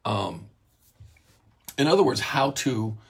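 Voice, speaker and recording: A man's voice: mid-range voice, animated, takes it slowly, gravelly, slightly rough. A man giving a sermon-style Bible teaching talk in his morning voice, earnest and coughing now and then, often repeating and restarting his phrases.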